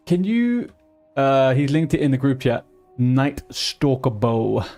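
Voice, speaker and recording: A male streamer talks through his game session in a loose, rambling way. He mutters to himself, hums under his breath and curses mildly now and then. His voice sits at an ordinary middle pitch. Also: very animated, slow pace, mellow, soft background music. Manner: rambling, mutters to himself, mild swearing and humming. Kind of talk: casual live-stream gaming commentary.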